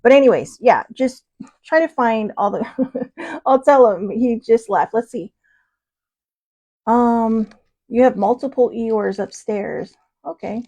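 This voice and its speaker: A woman's voice: on the high side, takes it slowly, long pauses, mellow, breathy edge. A woman hosting her own show in a casual chat style, wandering off topic and laughing often. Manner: rambling, digressive, laughs often. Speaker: show host.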